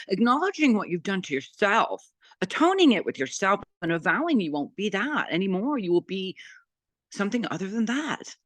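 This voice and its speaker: A woman's voice: lowish voice, fairly bright tone, no room sound. A woman in her sixties from San Francisco giving a rambling, earnest personal testimony in a group sharing circle, with many fillers and restarts. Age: 60s.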